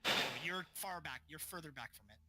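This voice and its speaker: A man's voice: a little high, animated, fairly quick, very noisy. A man narrating as game master of a tabletop game, casual and full of fillers. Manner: casual, filler-heavy narration with voiced characters.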